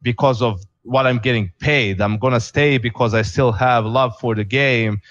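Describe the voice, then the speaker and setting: A man's voice: medium pitch, normal speed, fairly bright tone, dry recording, dull audio. A man on a podcast talking earnestly and from the heart, with lots of fillers. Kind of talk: casual podcast chat.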